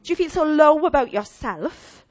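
A woman delivers a storytelling sermon, with a high voice that swoops and jumps. Her manner is comic and animated, and she mimics the people in her story. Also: moderate pace. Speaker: preacher.

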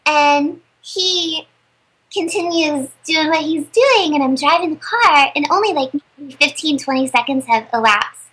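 Bright high-voiced chatty woman. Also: a little slow, poor audio. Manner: chatty, animated storyteller with many fillers. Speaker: voice actor guest. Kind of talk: casual interview chat.

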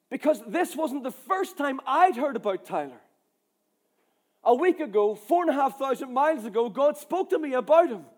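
A man with a Northern Irish accent preaching a sermon, animated and emphatic as he tells a story. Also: very high-pitched. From Ireland. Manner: animated, emphatic, acts out dialogue.

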